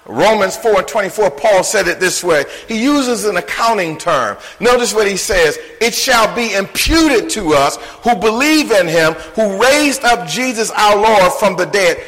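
Man, sermon, emphatic, bright tense tone, reverberant church. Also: high-pitched, animated, measured pace, few pauses. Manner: emphatic, swings from shouted lines to hushed ones. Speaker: preacher. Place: church sanctuary. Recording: long hall reverb.

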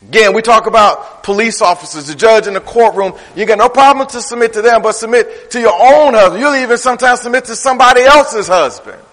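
A man preaching a sermon in a conversational style, swinging from loud, high bursts to low, quiet asides. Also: brisk, hardly any pauses. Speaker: pastor. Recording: reverberant hall.

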